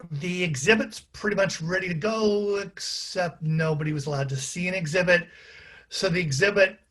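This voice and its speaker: A man, an author and playwright, chatting casually to a live audience with self-deprecating asides. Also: a little high.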